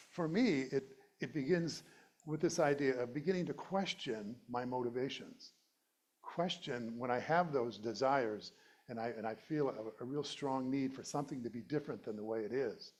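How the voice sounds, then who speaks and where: In a church sanctuary, a middle-aged male minister delivers a conversational, playful sermon, laughing at his own jokes. His voice is medium-pitched and a little mellow.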